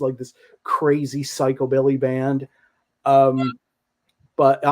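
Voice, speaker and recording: Guy cohosting a music podcast, fairly high voice, telling stories all excited. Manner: animated, enthusiastic storytelling. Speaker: podcast co-host. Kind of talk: casual chat.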